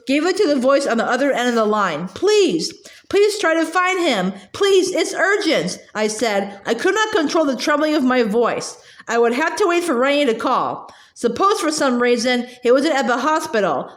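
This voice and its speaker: Amateur reader, high-pitched woman, halting and hesitant delivery. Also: a bit bright. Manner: halting, with many filler sounds and restarts. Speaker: audiobook reader. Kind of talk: reading a novel aloud.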